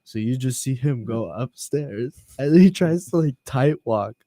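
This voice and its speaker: A man's voice: medium pitch, expressive, measured pace, dark tone, no echo, clean studio sound. Laughing co-host man, casual chat. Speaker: podcast co-host.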